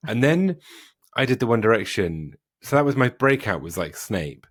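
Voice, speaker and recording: A man's voice: mid-range voice, very animated, normal speed. A man with a British accent, hosting a podcast and chatting in a casual, self-deprecating way. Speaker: podcast host. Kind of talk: casual conversation.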